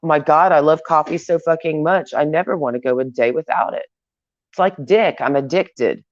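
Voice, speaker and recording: A woman's voice: sits low, moderate pace. A woman vlogger ranting in a crude, profane, stream-of-consciousness ramble. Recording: dull lo-fi recording.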